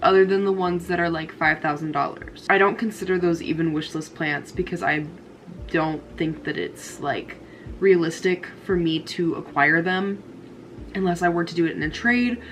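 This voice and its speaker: Young woman, lowish voice, stuffy from a cold, chatty home vlog with faint room hiss. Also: moderate pace. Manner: chatty and gushing, frequent "like" and laughs. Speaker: houseplant vlogger. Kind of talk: casual chat to camera.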